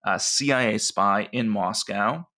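A man co-hosting a podcast, telling a story in an enthusiastic, animated way. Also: on the low side, unhurried. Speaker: podcast co-host.

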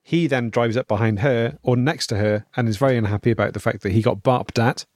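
A man's voice: medium pitch, brisk, darkish tone, no echo, studio quality. A man chatting casually, retelling a film's plot step by step. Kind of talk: casual film review chat.

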